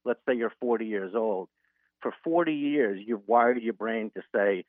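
A man's voice: fairly low pitch, measured pace, no echo. A man who is an author and guest, earnestly walking listeners through an example in a radio interview. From Boston. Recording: narrow phone-line sound.

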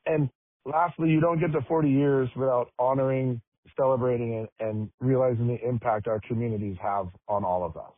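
Friendly man guest, husky voice, hesitant, thin dry radio line. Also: medium pitch, fairly even intonation, a little fast, dry recording. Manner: friendly, hesitant with many uhs. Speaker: festival chair, guest. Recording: dry phone-like radio sound.

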